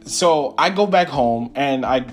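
Brief young male podcaster, mid-pitched, swearing, rambling through a personal story, soft guitar underneath. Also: measured pace. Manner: animated, profane, rambling retelling with many fillers. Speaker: podcast host. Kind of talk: casual solo storytelling.

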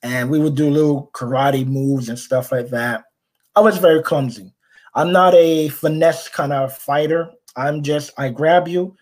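A man's voice: a little high, a little slow. A man from Brooklyn, a podcast guest telling a story in conversation and acting out the people he quotes. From Brooklyn, New York. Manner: animated, acts out the people he quotes.

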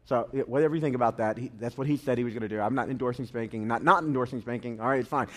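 A man's voice: medium pitch, lively intonation, rapid-fire, few pauses, a bit bright. A man preaching a sermon as a pastor, talking conversationally and telling funny stories to the congregation. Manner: conversational and humorous, tells anecdotes.

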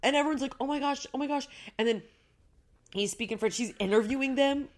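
A woman co-hosting a casual chat podcast, animated, laughing often and restarting her sentences. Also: high voice, quick pace. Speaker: podcast co-host.

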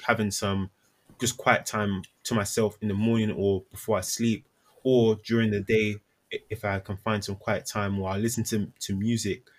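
Low-voiced man chatting. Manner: relaxed, chips in with jokey acted quotes. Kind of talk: casual chat.

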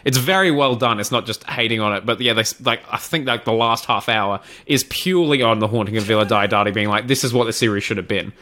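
A man's voice: on the low side, fast, hardly any pauses, bright, forceful tone. A man co-hosting a fan podcast, rambling enthusiastically with lots of fillers. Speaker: podcast co-host. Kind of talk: casual chat.

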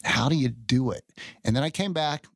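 A man's voice: medium pitch, normal speed, vocal fry, no echo. A man from Houston, a podcast guest telling stories and acting out what people said to him. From Houston, Texas. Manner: lively storyteller who acts out quoted dialogue. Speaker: podcast guest, distillery owner. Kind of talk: storytelling interview.

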